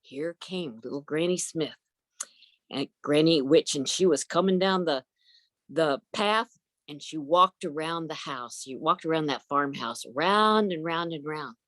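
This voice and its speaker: A woman storyteller telling a folk tale in a gentle, folksy way over a video call. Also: low voice, a little slow, no echo. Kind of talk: oral storytelling.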